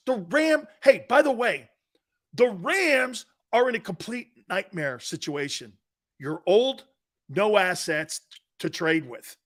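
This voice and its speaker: A man's voice: high voice, slow. A man hosting a sports talk show, ranting in a brash, mocking, opinionated way. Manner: brash, mocking, animated rants.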